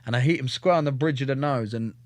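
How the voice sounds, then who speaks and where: A man's voice: quick pace, dry recording. A young man, a former soldier and fighter, telling stories bluntly with heavy swearing and acting out what others said. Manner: blunt, animated, acts out quotes with shifting pitch. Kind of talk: casual storytelling with heavy swearing.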